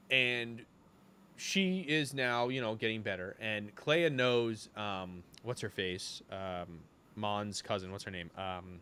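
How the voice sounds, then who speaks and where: A man's voice: on the low side, takes it slowly, slight background noise. A man co-hosting a podcast, retelling scenes in casual chat with lots of swearing and fillers. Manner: animated, profane retelling with many fillers. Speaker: podcast co-host.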